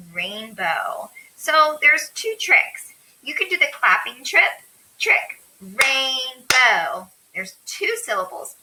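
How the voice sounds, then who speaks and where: Slow sing-song woman teacher. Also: fairly high pitch, bright, forceful tone, rough recording. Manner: slow, sing-song and encouraging, stretching words out. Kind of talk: lesson for young children.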